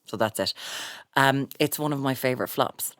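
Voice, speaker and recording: A woman with a Cork Irish accent, hosting a podcast in casual, animated chat with sarcastic asides. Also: rumbling low, moderate pace, no echo, clean studio sound. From Ireland. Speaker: podcast host.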